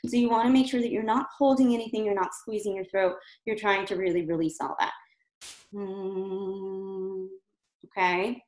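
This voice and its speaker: Woman coaching gentle hums, roomy sound. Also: mid-range voice, quick pace, few pauses. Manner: calm, patient, demonstrates hums and chants. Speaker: voice therapist. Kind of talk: instructional voice exercise lesson. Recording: roomy echo.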